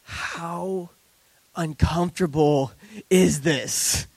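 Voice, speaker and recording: High-voiced man preaching a lively sermon. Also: very slow, vocal fry, no room sound. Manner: animated, conversational preaching with joking asides. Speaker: pastor. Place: church service before a congregation.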